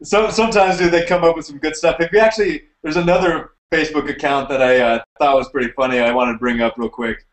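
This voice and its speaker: A laid-back young man chats and laughs easily as podcast co-host. His fairly high voice rings a bit in an echoey room. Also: fairly even intonation, fast talker, hardly any pauses. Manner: laid-back, laughing, says dude a lot. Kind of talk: casual chat.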